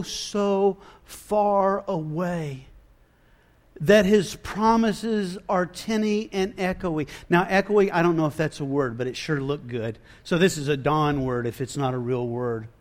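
A man preaching a sermon, telling the story in an animated, conversational way with casual asides. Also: high-pitched. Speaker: pastor.

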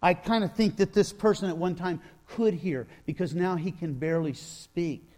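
A man preaching a sermon, retelling scripture in a storytelling way, acting out sighs and quotes and slowing down for emphasis. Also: high-pitched, darkish tone. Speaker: pastor.

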